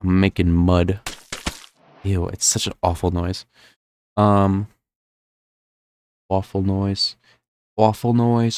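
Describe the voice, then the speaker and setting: A man's voice: low-pitched, level tone, slow, long pauses, darkish tone, clean tone, no echo, studio quality. A young man with a New Jersey accent doing live-stream gameplay commentary, rambling and thinking aloud with lots of fillers.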